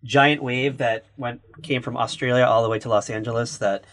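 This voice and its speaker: A man's voice: mid-range voice, fairly even intonation, a bit bright. A man co-hosting a podcast, casually recapping a movie in a loose, rambling way with lots of "like"s. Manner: loose, rambling retelling with many "like"s and quick quoted bits. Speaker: podcast co-host.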